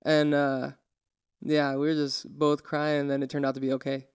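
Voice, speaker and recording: A young man co-hosts a casual podcast chat and tells a story with animated quotes. His voice is smooth and clear and sits a little high. The sound is dry and close, with no room around it. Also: normal speed, no echo. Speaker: podcast co-host.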